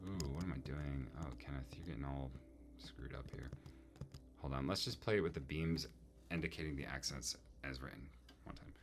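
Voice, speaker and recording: A man's voice: rumbling low, a little fast, background noise. A man composing music and thinking aloud, muttering to himself and humming melodic lines on "da".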